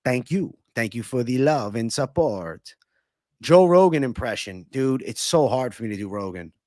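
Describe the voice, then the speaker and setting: Profane young Northeastern host, dry close mic. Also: male voice, medium pitch, expressive, a little mellow, no room sound. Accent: American Northeast. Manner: casual, profane, banters with chat between quick celebrity impressions. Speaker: livestream host. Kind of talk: casual livestream Q&A.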